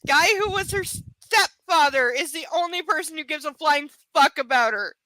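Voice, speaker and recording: A woman reads a novel aloud live, pausing for sarcastic, exasperated asides about the story. Her voice is bright and fairly high, recorded close and dry. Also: animated, no room sound, poor audio. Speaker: host reading a novel aloud. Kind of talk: live book reading with commentary.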